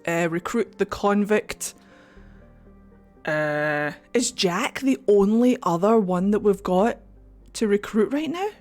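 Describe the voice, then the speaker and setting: A woman's voice: mid-range voice, lively intonation, slow pace, darkish tone, faint music behind. A Scottish woman streaming a video game, chatting casually with viewers, joking and swearing freely. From Scotland. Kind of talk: casual live-stream commentary.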